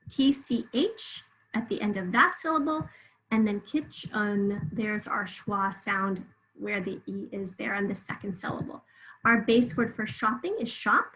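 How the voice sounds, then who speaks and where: A woman teacher with a fairly high voice works through a spelling lesson. She speaks clearly and deliberately, stretching out syllables so each sound can be heard. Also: a bit bright, rough recording.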